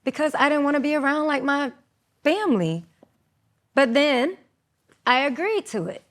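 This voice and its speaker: A woman in her thirties telling her own story as an interview guest, animated, acting out quotes in raised voices. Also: sits high, normal speed.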